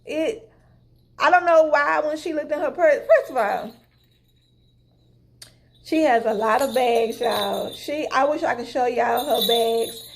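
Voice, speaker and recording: Girl vlogging, tells a story to her viewers, quotes everybody, highish voice. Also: unhurried, vocal fry, long pauses, slight background noise. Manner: animated, retelling conversations with lots of "I was like".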